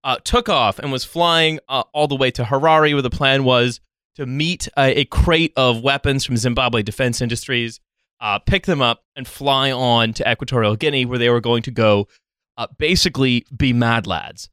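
A man hosting a podcast, telling a story in a casual, comedic way, laughing often and pausing with fillers. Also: mid-range voice, fairly bright tone, smooth, no echo, studio quality.

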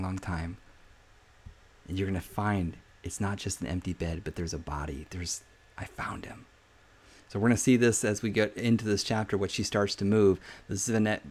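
A man hosting a devotional podcast, preaching informally in an earnest, exhorting way, repeating phrases for emphasis and often saying "man". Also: on the low side. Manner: conversational, often says "man". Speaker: podcast host giving a devotional.

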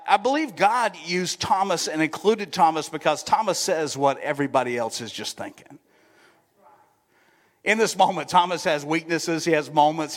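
Man preaching in a reverberant church. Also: on the high side. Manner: conversational, keeps asking the congregation "right?". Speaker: pastor. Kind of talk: sermon. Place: church sanctuary. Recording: long church-hall reverb.

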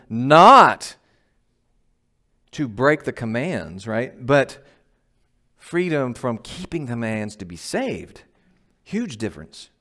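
A man, a pastor, giving a conversational, emphatic sermon and often asking the congregation questions. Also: mid-range voice. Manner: laughs at himself.

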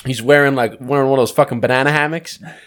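A man's voice: mid-range voice, fairly even intonation, fast, fairly bright tone. A man hosting a podcast, trading profane, joking banter with his guest. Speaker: podcast host. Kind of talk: casual podcast chat.

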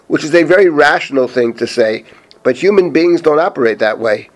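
A middle-aged man, a rabbi, teaching a Bible chapter, reading Hebrew verses slowly and then translating and explaining them. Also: a little high, expressive. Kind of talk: spoken Bible lesson.

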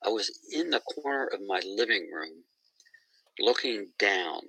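A middle-aged man with a husky, gravelly voice, a little low in pitch. He tells a story in a casual, conversational way and quotes the people in it. The sound is dry and close. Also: unhurried, no echo, rough recording. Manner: retells others' dialogue in a lively storytelling way. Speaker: interview guest.

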